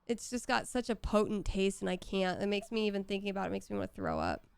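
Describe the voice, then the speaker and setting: A woman chatting on a casual stream from home, telling animated stories with some casual swearing. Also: medium pitch, quick pace, vocal fry, smooth, no room sound. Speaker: voice actor signing on stream.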